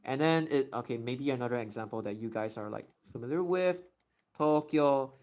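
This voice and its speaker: Young male streamer, medium pitch, chatty and explanatory in a casual live Q&A. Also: darkish tone. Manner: chatty and explanatory, slowly stretching out demonstration words. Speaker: live streamer answering chat questions.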